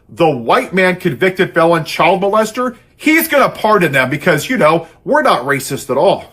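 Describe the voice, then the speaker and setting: Husky guy ranting, lots of sarcasm, voice swoops high and low. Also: very animated, moderate pace, few pauses, a bit bright. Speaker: political commentator. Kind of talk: impassioned monologue.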